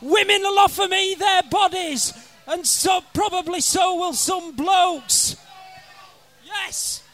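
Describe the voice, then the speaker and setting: A man performing brash comic verse at a live gig, shouting at his listeners. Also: extremely high pitch, takes it slowly, soft background music. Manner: brash, rowdy, bellowing at listeners. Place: live music venue.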